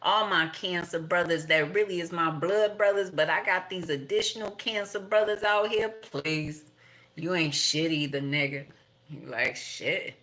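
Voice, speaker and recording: A middle-aged woman rambles through a casual monologue, blunt and profane, breaking into laughing asides. Her voice sits low in pitch yet sounds bright and sharp. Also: normal speed. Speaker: tarot reader.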